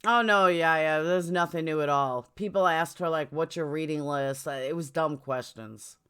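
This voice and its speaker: A woman's voice: low-pitched, normal speed, a bit bright, smooth. A middle-aged woman with a New York accent hosting a casual livestream chat from home, blunt and chatty, jumping between topics. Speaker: livestream host. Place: home, indoors.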